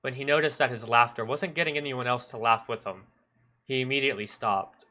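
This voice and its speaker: A man with a bright, sharp timbre reads a story aloud in measured first-person narration. He now and then stumbles and corrects himself. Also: medium pitch. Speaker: streamer. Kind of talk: reading a visual novel aloud.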